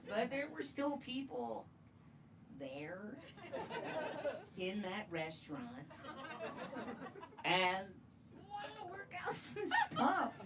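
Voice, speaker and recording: A woman doing a stand-up comedy set, playful and crude, often jumping into loud impressions. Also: medium pitch. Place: comedy club stage. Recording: distant mic, loud crowd and noise.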